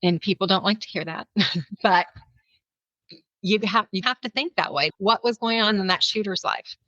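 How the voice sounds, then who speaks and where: A woman with a bright, forceful, medium-pitched voice appears as a podcast guest and kindness speaker, telling a personal story at normal speed. She's animated, laughs often, and acts out the lines of people in it. The recording is dry, with little room sound, no echo, and a slight muffle.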